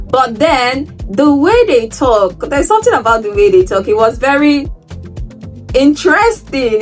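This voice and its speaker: A woman from Nigeria telling stories to her travel vlog viewers, animated, often repeating words for emphasis. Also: on the high side, distant mic. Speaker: travel vlogger. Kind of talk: casual vlog storytelling.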